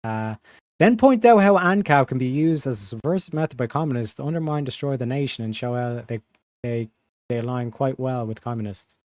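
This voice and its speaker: A man's voice: mid-range voice, brisk, darkish tone, dry recording. A man on a casual livestream reading text aloud and breaking off for sarcastic, crude asides.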